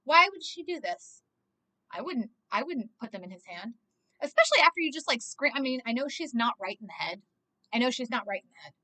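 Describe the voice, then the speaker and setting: In a high, pushed, bright voice, a young woman gives a casual, rambling reaction to a movie. Her speech is loaded with "like," and she swears a lot.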